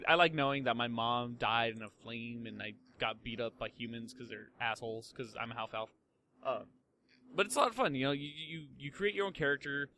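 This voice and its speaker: Bright-voiced young man hosting a podcast. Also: mid-range voice, slight background noise. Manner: rambling, swears freely, lots of fillers and restarts. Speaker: podcast host. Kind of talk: casual chat.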